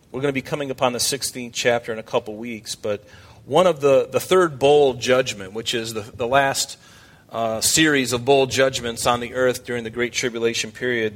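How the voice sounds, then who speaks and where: Male pastor, middle pitch, preaching to the congregation in a chatty way with animated scripture quotes. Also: normal speed. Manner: animated, shifts pitch when quoting scripture figures; conversational asides to the congregation. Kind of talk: expository sermon.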